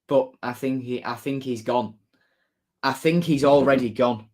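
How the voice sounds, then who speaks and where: A man's voice: mid-range voice, measured pace, darkish tone. A man chatting on a live stream as a football fan, reading out viewer comments, often laughing and repeating his own phrases.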